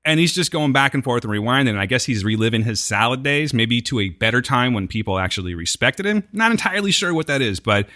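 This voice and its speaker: A man's voice: medium pitch, fast talker, hardly any pauses. A man co-hosting a podcast, recapping a TV episode in casual chat and acting out the characters' lines. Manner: animated, jokey, acts out quotes. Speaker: podcast co-host.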